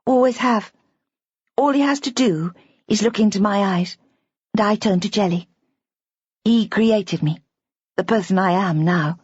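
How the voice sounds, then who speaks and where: A woman's voice: unhurried, pauses often, darkish tone, slightly rough, no room sound. A woman reading an audiobook, voicing a defiant, tearful young wife who is fiercely devoted to her husband. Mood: adoring. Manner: high, emotional and indignant, voice breaking at times. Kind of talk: audiobook character voice. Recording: dull, dry audiobook recording.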